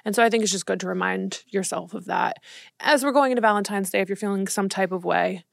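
Woman co-host, mid-pitched, easygoing filler-heavy chat, dry close mic. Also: fast, creaky, no room sound. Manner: relaxed, reflective, lots of "like". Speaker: podcast co-host. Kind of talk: casual chat.

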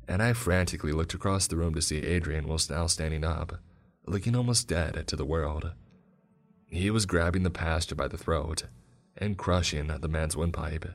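Deep-voiced man narrating a horror story. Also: moderate pace, soft background music.

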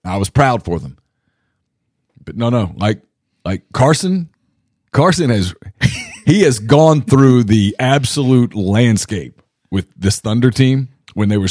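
A man from Louisiana co-hosting a casual sports podcast, rambling and self-deprecating, quick to laugh. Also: mid-range voice, a little mellow, no echo, studio quality. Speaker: podcast co-host.

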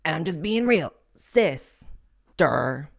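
Young woman host, low-pitched, brash and profane commentator. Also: sing-song, slow, creaky. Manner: crude, sassy, profane. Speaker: podcast host. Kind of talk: blunt commentary on social media clips.

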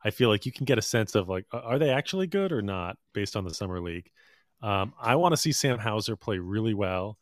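Male co-host, slightly low pitch, dry booth sound, relaxed and opinionated. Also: fairly quick, no echo. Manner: easygoing, opinionated, with fillers. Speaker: podcast co-host. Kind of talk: casual basketball chat.

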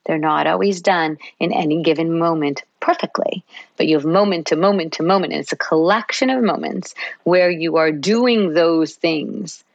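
A woman's voice: low-pitched, normal speed, vocal fry, no room sound, dull audio. A woman psychologist guest in a podcast interview, explaining at length and acting out little parent-child exchanges. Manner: warm explanatory, acts out parent-child dialogue.

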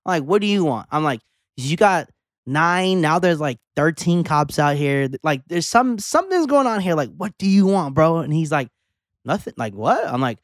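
A young adult man co-hosting a podcast, telling a story in a casual, animated way, acting out the dialogue and swearing. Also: on the high side, normal speed, dry recording, studio quality. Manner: animated storyteller, acts out dialogue, curses, says "like" a lot. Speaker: podcast co-host.

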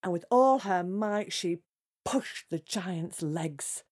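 A woman storyteller telling a fairy tale to children, lively and dramatic, dropping to hushed tones for suspense. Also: fairly low pitch, slow.

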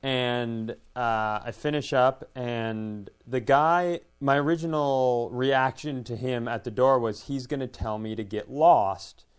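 Smooth-voiced man telling a rambling story. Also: medium pitch, steady tone. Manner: rambling, self-deprecating storyteller; quick, offhand delivery with profanity. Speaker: podcast co-host, comedian. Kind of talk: casual podcast chat, storytelling.

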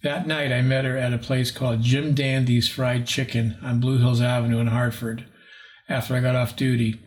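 A sixty-something paranormal investigator, being interviewed, meanders through a story with a flat delivery at a moderate pace in a mid-range voice. When quoting others, he acts out their voices.

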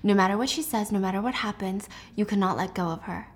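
A woman putting on a controlling young commander who gives orders in a cool, quiet tone. The voice sits a little higher than most. He stays calm and sure of himself in a casual story recap. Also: fast talker. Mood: cold commanding.

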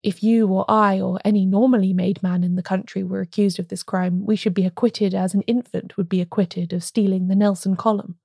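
A grave, slightly nervous village doctor explains in low, measured tones, voiced by a woman reading the story. The tone is mellow and gravelly, and the recording is close and dry. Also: level tone, no echo. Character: tall, grim, nervous male village doctor.

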